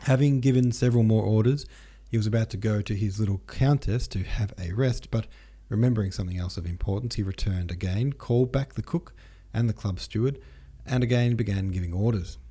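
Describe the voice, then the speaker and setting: Low, husky male narrator. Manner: steady, unhurried reading with small slips. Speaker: audiobook narrator. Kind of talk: scripted narration.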